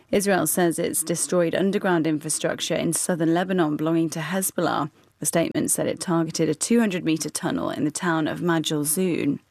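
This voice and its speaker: A woman newsreader delivering a scripted news bulletin in a measured, formal way. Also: deep voice, gravelly, darkish tone, no echo.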